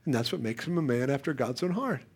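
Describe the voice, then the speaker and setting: A middle-aged man preaching a sermon as pastor, swinging between quiet, soft passages and sudden loud, emphatic bursts. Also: medium pitch, expressive, fast, breathy edge.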